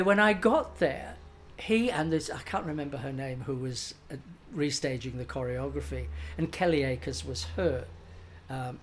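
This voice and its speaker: An older man, a stage actor, tells an anecdote in an interview and acts out the voices of the people he quotes. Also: on the high side. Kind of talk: anecdotal storytelling.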